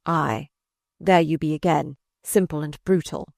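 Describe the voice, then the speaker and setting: A woman reading aloud voices a sardonic, malicious older male courtier who mocks in slow, drawn-out phrases. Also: low-pitched, creaky, darkish tone, dry recording, clean studio sound. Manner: mocking, drawn-out.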